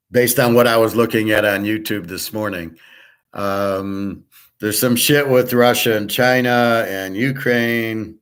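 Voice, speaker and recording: A man hosting his show, giving blunt, profane, opinionated commentary in a rambling casual way. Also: fairly low pitch. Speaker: host.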